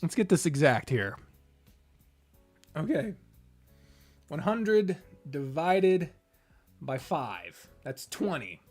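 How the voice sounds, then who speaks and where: Woman, livestream host, giddy, laughing, swearing, very lively pitch, dry close sound. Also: takes it slowly, long pauses, no echo, faint music behind. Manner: giddy, laughing often, swearing, stumbling over counting and math. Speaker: streamer and game master. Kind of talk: casual livestream chat.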